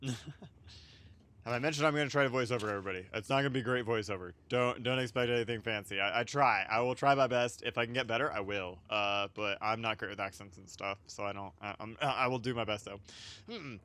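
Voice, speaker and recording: Bright, giggly gaming streamer guy. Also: mid-range voice, brisk. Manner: rambling and giggly, many fillers and asides. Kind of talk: casual let's-play commentary.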